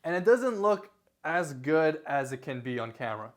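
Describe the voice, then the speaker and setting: A man's voice: fairly high pitch, normal speed. Rambling young man gesturing on camera. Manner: rambling, self-correcting, lively delivery with varied loudness; gesturing with his hands while talking. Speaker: YouTuber giving tips. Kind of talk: casual talking-head advice vlog. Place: indoor room, recording himself. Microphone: camera facing him.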